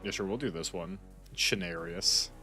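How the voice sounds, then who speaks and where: A young man with a low voice and a sharp tone chats casually at a moderate pace while playing a video game, with soft music in the background. Like a gaming streamer, he rambles, cuts himself off, and talks to a friend who is off-mic.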